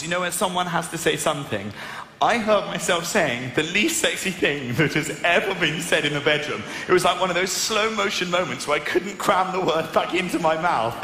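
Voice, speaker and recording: Posh English comedian, lively on stage. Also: male voice, sits high, normal speed. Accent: posh southern English. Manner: plummy, self-mocking, animated storytelling. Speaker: stand-up comedian. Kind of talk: stand-up comedy set. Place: large arena stage. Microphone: stage microphone. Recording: echoey arena with crowd noise.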